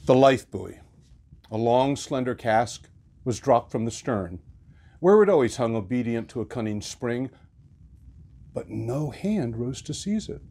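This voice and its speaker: A man reading a classic novel aloud with an expressive, varied delivery. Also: medium pitch, unhurried, pauses often, husky. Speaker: reader.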